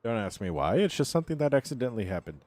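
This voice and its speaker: A man's voice: mid-range voice, big pitch swings, very fast, a little mellow. A man streaming a block-building game, chatting casually with dry, self-mocking sarcasm. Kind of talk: casual live gameplay commentary.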